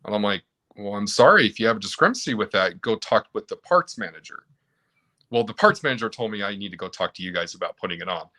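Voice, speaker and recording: A man's voice: fairly low pitch, lively intonation, fast, sharp tone. A man, a mobile car technician, chatting casually and telling work stories where he acts out both himself and his customers. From Utah. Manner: storytelling, acts out both sides of customer exchanges. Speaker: mobile automotive technician, guest. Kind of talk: casual chat.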